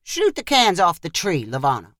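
A woman voicing a calm older grandfather rancher who speaks quietly and kindly in a storybook reading. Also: lowish voice, normal speed, dry recording, clean studio sound. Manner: quiet, friendly, patient.

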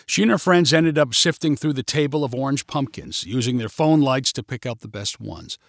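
A man narrating a story in a steady, plain reading manner. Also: medium pitch, normal speed, creaky, no room sound, clean studio sound.

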